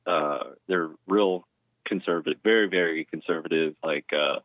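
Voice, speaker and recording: A man from North Texas calling in to a talk show, speaking in an unhurried, hesitant way with many pauses. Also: sits low, no room sound. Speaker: caller. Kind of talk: casual call-in chat. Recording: tinny phone line.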